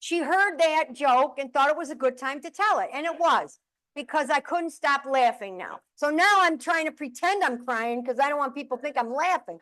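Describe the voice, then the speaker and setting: Animated woman telling funny stories on stage. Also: sits high, normal speed. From upstate New York. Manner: animated, acts out family members' voices. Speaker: keynote speaker and humorist. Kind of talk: humorous keynote storytelling. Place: conference room with audience.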